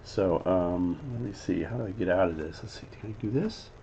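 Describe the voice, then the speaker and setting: A man casually breaking down an animated scene as a teacher, rambling with lots of fillers and now and then voicing the characters' lines. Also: low voice, fairly quick. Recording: slightly dull lo-fi audio with faint background noise.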